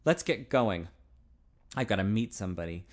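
A man reading a novel aloud, voicing a confused young man who answers in a lower, hurt and defensive tone. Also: lively intonation, moderate pace. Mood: sullen.

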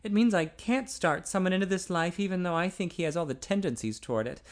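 A man's voice: fast talker, close to an everyday voice. A man voicing an intense, earnest young man. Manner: urgent, pleading, higher and louder than the narration.

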